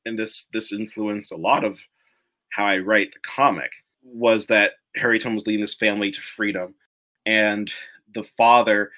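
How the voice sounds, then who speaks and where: A man who writes comics, talking casually as a guest, animated and quick to laugh, with many fillers. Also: lowish voice. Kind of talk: casual conversation.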